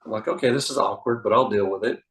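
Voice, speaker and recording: A man, a magician guest telling animated anecdotes on a podcast. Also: fairly low pitch, quick pace, poor audio. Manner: animated anecdotes, acts out quoted voices. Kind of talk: casual interview storytelling. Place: podcast studio.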